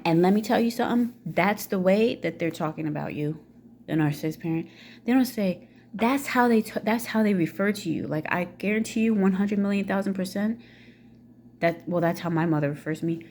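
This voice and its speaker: A woman's voice: mid-range voice, a little fast, a little mellow, slight background noise. A middle-aged woman ranting casually to camera, blunt and swearing freely, with many fillers. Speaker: vlogger.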